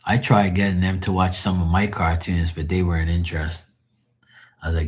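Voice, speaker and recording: A man with a deep, husky voice chatting loosely on a live stream. He tells rambling stories full of swearing and chuckles, with a rough, breathy edge to his speech. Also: little pitch movement, normal speed. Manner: profane, storytelling, chuckling. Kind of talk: casual rambling chat.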